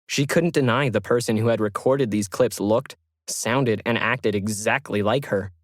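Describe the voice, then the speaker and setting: A man giving measured, scripted narration of a science fiction story. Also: on the low side, no room sound, clean studio sound.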